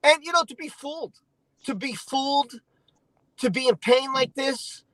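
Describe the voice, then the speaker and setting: A man hosting a casual stream, venting in an emotional, halting, repetitive way. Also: extremely high pitch, sharp tone, dry recording, rough recording. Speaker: channel host.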